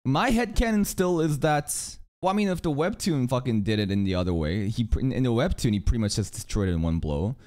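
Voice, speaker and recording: Man, streamer, casual reaction chat, lively swooping pitch, swears a lot. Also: fast talker, few pauses. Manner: animated, swearing, laughs often.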